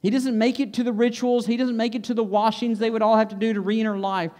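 Earnest higher-voiced male preacher. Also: level tone, fast, warm tone. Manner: earnest preaching, repeats phrases for emphasis. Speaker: pastor. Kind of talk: sermon. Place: church sanctuary.

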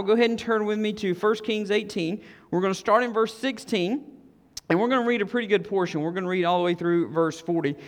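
A man's voice: high voice, big-room sound. A man preaching a sermon as pastor, reading scripture aloud in an earnest, conversational way.

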